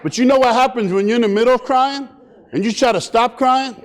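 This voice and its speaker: A man giving a comedic motivational talk at a community summit, animated and playful as he acts out scenes. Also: extremely high pitch, brisk. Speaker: keynote speaker. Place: large hall at a community summit. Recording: long hall reverb.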